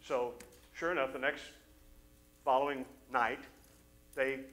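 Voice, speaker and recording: Male pastor, mid-range voice, animated storyteller in a Sunday sermon. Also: mid-range voice, measured pace, low-quality recording. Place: church service.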